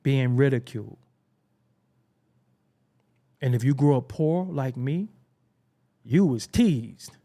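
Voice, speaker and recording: A man's voice: medium pitch, animated, takes it slowly, pauses often, dark tone. A man from Brooklyn with a Brooklyn accent, hosting a casual commentary monologue in a blunt, preachy way, swearing freely. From Brooklyn, New York. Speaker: show host.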